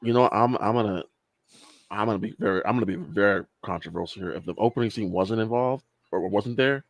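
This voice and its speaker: A man's voice: lowish voice, fairly quick, gravelly, no echo. A man chatting casually about movies, eager and full of restarts. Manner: enthusiastic, stumbling restarts. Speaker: podcast co-host. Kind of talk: casual chat.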